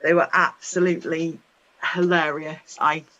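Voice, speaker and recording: A woman's voice: sits low, level tone, measured pace, bright, forceful tone, lo-fi sound. A woman guest in a casual chat, telling self-mocking anecdotes. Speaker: guest cosplayer.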